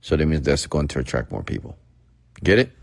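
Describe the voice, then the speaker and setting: A man's voice: rumbling low, lively intonation, brisk, gravelly, no echo, studio quality. A man hosting an unscripted livestream rant, talking casually and checking in with "okay?" and "get it?". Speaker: online marketing host.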